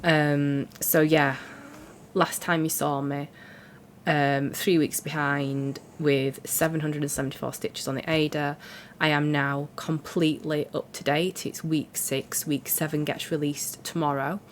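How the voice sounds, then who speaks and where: A woman's voice: deep voice, level tone, measured pace, slight background noise. A woman, congested and sore-throated from a cold, chatting in a rambling, self-deprecating way about her cross-stitch. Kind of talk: casual chat.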